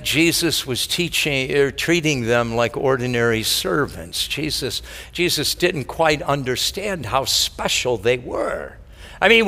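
Male pastor, slow sermon delivery, expressive swings from high and loud to soft and low, church sanctuary with a long reverb tail. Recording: hall reverb.

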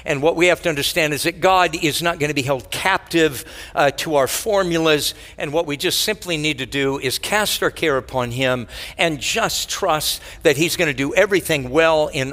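Bright-voiced preacher in a reverberant hall. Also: male voice, a little high. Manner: halting, many filler words and restarts; asks rhetorical questions. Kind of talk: expository sermon.

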